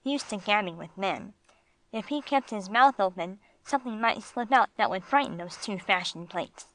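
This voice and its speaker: A woman voicing a gruff, streetwise male bulldog with slangy tough-guy talk, read for an audiobook. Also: mid-range voice, lively intonation, moderate pace, slight background noise, natural voice, low-quality recording. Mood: scornful.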